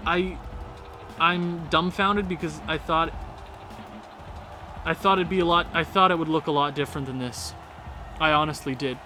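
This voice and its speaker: Man, let's-play commentary, high voice, excitable, yells at the game, game music behind. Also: moderate pace, pauses often. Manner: excitable, yelling at the game, swinging between frantic and hushed. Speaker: gaming video creator. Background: video game music.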